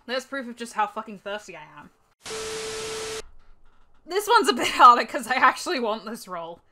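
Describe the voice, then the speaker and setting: A woman's voice: a little high, sing-song, moderate pace, sharp tone, slight background noise. A woman with an Australian accent chatting casually between audition takes, swearing a lot and joking at her own expense. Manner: swears a lot, self-mocking and giggly. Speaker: voice actor auditioning.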